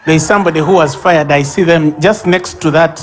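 A man with a Ugandan English accent preaching a sermon at a church service, animated, acting out sobs and baby babble and shouting key lines. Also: on the high side, fairly quick.

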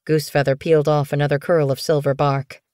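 A woman narrating an audiobook in a steady, measured storytelling voice. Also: deep voice, clear, resonant tone, no echo, clean studio sound.

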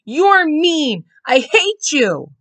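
A woman voicing an angry six-year-old boy who shouts in a shrill voice. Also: sing-song, drawn-out words, no room sound, heavily acted. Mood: furious.

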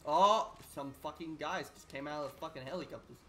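A man's voice: on the high side, fairly quick, soft background music. A young man on voice chat during a shooter game, flustered and swearing often. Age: young adult. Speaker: player. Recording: voice chat under game gunfire. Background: loud gunfire from the game.

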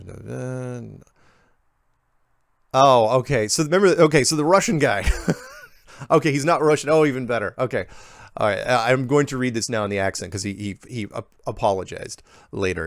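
A man hosting a show, reading viewer emails aloud and answering them in a halting way, often restarting his sentences. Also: lowish voice, vocal fry, no echo, studio quality. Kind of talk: casual reading and commentary.

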